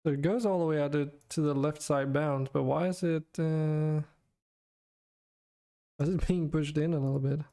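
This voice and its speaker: Tired guy dev streaming, monotone mumbling to himself, mellow voice. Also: fairly high pitch, moderate pace, pauses often. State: exhausted. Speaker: game developer streamer. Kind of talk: thinking aloud while coding.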